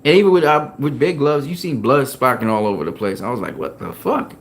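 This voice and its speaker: Profane, animated man telling gym stories. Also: mid-range voice, fast talker, a little hiss or hum. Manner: profane, animated storytelling with frequent laughs. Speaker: boxing show host. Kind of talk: casual chat.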